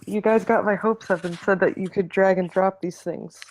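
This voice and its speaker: Mellow, self-deprecating woman player. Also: mid-range voice, fairly even intonation, moderate pace, faint music behind, poor audio. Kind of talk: casual tabletop game chat.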